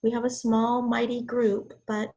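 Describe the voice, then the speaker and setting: A middle-aged woman, hoarse and raspy from illness, giving a college writing lecture over a video call. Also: a little high, little pitch movement, unhurried, dark tone. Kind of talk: online class lecture. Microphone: computer mic on a video call.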